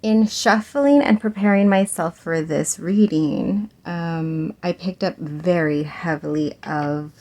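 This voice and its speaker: A young woman giving a casual pick-a-card tarot reading, chatty and full of "like" and "um", laughing often and trailing off softly at the ends of phrases. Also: fairly low pitch, slow pace, hardly any pauses. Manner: uneven loudness, trails off soft at phrase ends. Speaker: tarot reader.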